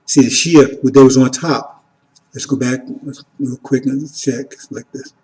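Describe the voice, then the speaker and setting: Mellow man preaching with emphatic rises. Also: mid-range voice, steady tone, unhurried, poor audio. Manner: repetitive, keeps asking "See?" and "right?"; swings from loud emphatic rises to quiet asides. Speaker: religious teacher. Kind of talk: informal teaching sermon.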